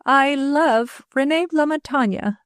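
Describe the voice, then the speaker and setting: A woman's voice: high voice, slow, no echo, studio quality, voice pushed up. A woman voicing a nervous young daughter. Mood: earnest pleading.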